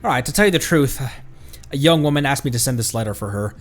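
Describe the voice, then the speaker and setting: A man's voice: mid-range voice, expressive, fast, close to an everyday voice. Man doing a flustered old-fashioned dad. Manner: fussy, old-fashioned exclamations. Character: flustered hurried middle-aged father.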